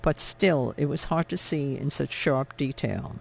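A man narrating a historical novel in a measured, dramatic reading style. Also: medium pitch, vocal fry. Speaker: audiobook narrator. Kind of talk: scripted narration.

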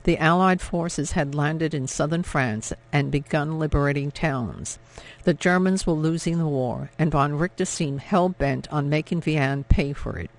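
Gravelly male audiobook narrator. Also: a little high. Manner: measured, dramatic reading. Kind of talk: scripted narration.

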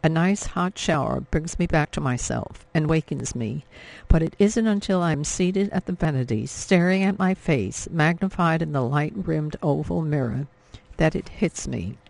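Gravelly man reading an audiobook. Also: on the high side, lively intonation, darkish tone. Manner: measured, emotive reading. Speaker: audiobook narrator. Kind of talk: scripted narration.

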